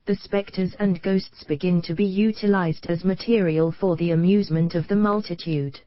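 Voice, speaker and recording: A woman reading a nonfiction audiobook in a measured, even way, in a scripted narration style that reads page headers aloud. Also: lowish voice, no room sound, lo-fi sound.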